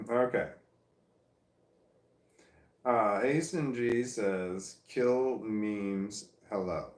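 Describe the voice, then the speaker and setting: A man's voice: fairly low pitch, very slow, pauses often, roomy sound. A middle-aged man in casual livestream chat, reading out viewer comments, rambling and self-mocking with frequent laughter. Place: room at home, seated in armchair. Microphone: phone.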